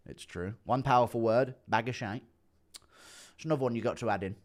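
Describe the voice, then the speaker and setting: A man talks casually into a streaming mic, reacting to his chat in a relaxed, easygoing way. He chuckles often and reads messages aloud. His voice sits at an ordinary pitch. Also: a little fast.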